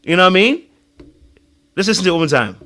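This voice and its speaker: A man hosting a reality-show reaction video, talking excitedly, laughing and breaking into imitations as he comments. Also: high-pitched, fast. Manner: excitable, laughs, mimics voices mid-sentence.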